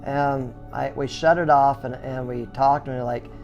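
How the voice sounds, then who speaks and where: A middle-aged man who owns a skateboard business, telling his story casually with lots of fillers and restarts, and animated sound effects. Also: medium pitch, normal speed, highs cut off, soft background music. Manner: chatty, full of "you know" fillers and restarts; animated, acts out sounds and reactions.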